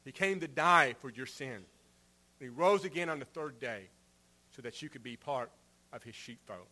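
A man preaching a sermon in an earnest way, rising for emphasis and dropping soft at the ends of phrases. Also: medium pitch, lively intonation, moderate pace. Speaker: pastor.

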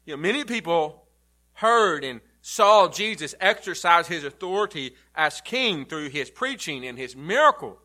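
A male pastor preaching a sermon, emphatic, rising loud and then dropping to a low, quiet delivery. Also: big pitch swings, normal speed.

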